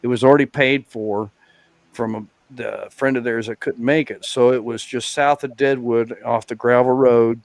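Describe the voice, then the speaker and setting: A man's voice: medium pitch, steady tone, moderate pace, no room sound. A man with a middling voice tells a loose, rambling road story on a live stream, dropping "you know" every few words. The sound is dry and close, with no room around it. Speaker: guest biker. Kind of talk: casual live-stream chat.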